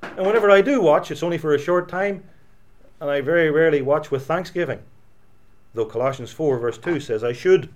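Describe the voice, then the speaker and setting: A male pastor preaching a sermon, swinging between loud emphatic lines and quiet, low asides. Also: brisk.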